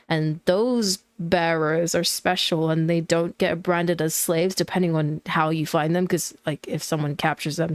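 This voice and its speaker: A woman's voice: lowish voice, clear, resonant tone, dry recording. A woman streamer giving casual commentary while playing, chatty and explaining things with lots of fillers.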